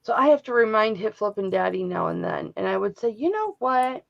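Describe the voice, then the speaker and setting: A woman co-host on a live sale stream talks briskly in a creaky, mid-range voice whose pitch swoops wildly. She chats, jokes, and quotes people while telling stories. The stream's audio is dull and lo-fi.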